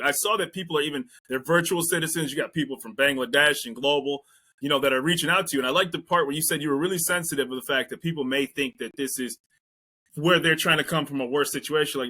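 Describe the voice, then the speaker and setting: A man's voice: fairly high pitch, pushed and bright. A man hosting a podcast interview, eager and chatty, affirming his guest often. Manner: eager, keeps affirming with "right" and "yeah". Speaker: podcast host. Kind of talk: casual interview talk.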